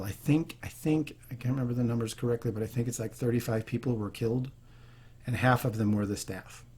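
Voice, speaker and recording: A man with a warm, slightly rough mid-range voice hosts a leadership video, speaking earnestly and unscripted to camera with frequent restarts. He sounds choked up.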